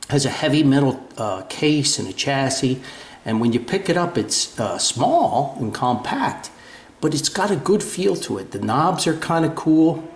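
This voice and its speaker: Older New Jersey man, mid-pitched, rambling and self-mocking, home radio room with a boomy echo. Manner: rambling and self-deprecating, with fillers and restarts. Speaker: ham radio video host. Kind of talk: casual show-and-tell chat. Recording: echoey room.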